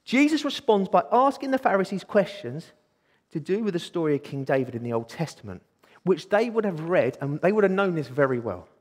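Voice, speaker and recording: A man preaching a sermon in a church, excitable and eager. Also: sits high, a little fast. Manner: excitable, bursts into exclaiming. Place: church hall. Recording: long hall reverb.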